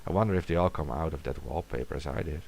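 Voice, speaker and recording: Very deep gravelly man reading horror. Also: fast, darkish tone. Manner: dramatic reading, sometimes dropping to a whisper. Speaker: storyteller. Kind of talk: reading a horror story aloud.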